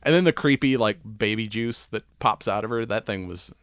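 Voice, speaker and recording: A man's voice: on the low side, fairly quick, a bit bright, clean tone, no room sound, clean studio sound. Laughing, swearing male podcast host. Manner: rambling, laughs often, swears freely. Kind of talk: casual chat.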